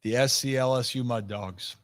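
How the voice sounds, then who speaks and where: A man hosting a live sports talk show, talking in an energetic, animated way and teasing his co-host. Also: medium pitch, moderate pace.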